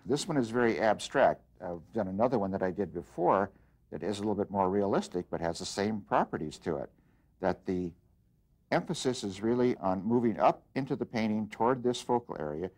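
A man teaching an art lesson, explaining design principles in an unhurried way as he works, with frequent pauses and restarts. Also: on the low side, expressive, a little mellow. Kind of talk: demonstration lesson.

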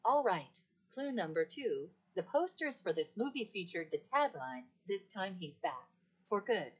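A synthetic woman's voice playing a polite, playful female AI voice assistant, with a breathy tone and even, polished delivery. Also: mid-range voice, measured pace. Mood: cheerful. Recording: dull lo-fi recording of a device speaker.

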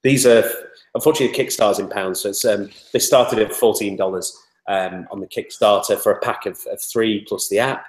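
Startup guest, low voice, chatty and rambling, echoey room. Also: male voice, steady tone, a little fast. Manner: chatty, rambling, many fillers. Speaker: interview guest, toy startup spokesman. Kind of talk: casual interview talk.

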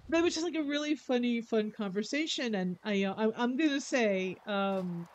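A woman's voice: a little high, moderate pace, dull audio. Chatty woman streamer, rambling with fillers. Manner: rambling, many fillers and self-corrections, laughs often. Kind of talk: casual gaming chat. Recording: faint background noise.

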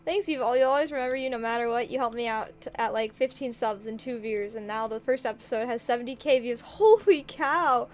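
A woman's voice: on the high side, fairly even intonation, fast talker, hardly any pauses, a little mellow, faint music behind. Bubbly giggly woman streamer. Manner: bubbly, giggly, reads chat aloud. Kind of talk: casual gaming stream chat.

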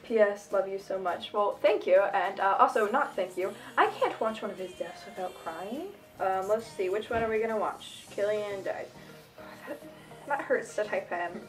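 A teenage girl chatting casually as a fan vlogger at home, answering questions and doing dares, giggly and excitable. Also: mid-range voice, faint music behind. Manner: giggly and excitable, quick bursts of enthusiasm. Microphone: phone camera.

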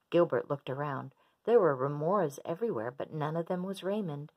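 Lady reading a kids story, calm and gentle, lower voice. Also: fairly quick, few pauses, breathy edge. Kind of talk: children's storybook read-aloud.

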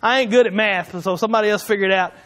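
A preacher whose voice sits unusually high for a man. He preaches in a folksy, emphatic way and returns to the same point again and again. A long reverb from the church hall trails after his words. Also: racing, a bit bright. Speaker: pastor. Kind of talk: sermon.

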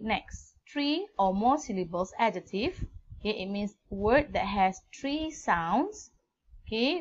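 Slow-spelling Malaysian English teacher. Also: female voice, on the high side, a bit bright, dull audio. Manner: spells words letter by letter, slow and deliberate. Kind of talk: grammar lesson.

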